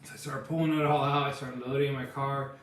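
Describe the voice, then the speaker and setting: A man tells loose, rambling stories in a casual chat, with many "like" and "um" fillers. His voice sits at an ordinary pitch. The room is very echoey. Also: level tone, fast. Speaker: podcast co-host.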